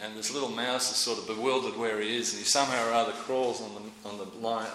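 A man's voice: mid-range voice, pushed and bright, roomy sound, a little hiss or hum, rough recording. A man giving a devotional talk, rambling and anecdotal, often repeating his words. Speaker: devotional speaker.

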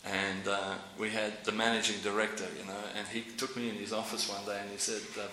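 A man's voice: on the low side, level tone, fast, hardly any pauses, reverberant, crowd noise, low-quality recording. A man giving a devotional talk, rambling and anecdotal, often repeating his words. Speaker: devotional speaker.

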